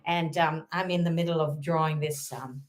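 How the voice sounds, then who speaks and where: A woman's voice: deep voice, steady tone, normal speed, very noisy. An Irish woman chatting casually on a live stream, playful and chatty, mumbling asides to herself and bursting into giggles. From Ireland. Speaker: livestreamer.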